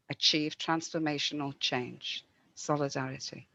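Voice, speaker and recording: A woman's voice: sits low, fairly even intonation, normal speed, sharp tone, no room sound. Woman giving a dry, rallying speech. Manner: earnest, rallying. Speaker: mayoral candidate. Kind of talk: prepared campaign speech. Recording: dry, dull lo-fi sound.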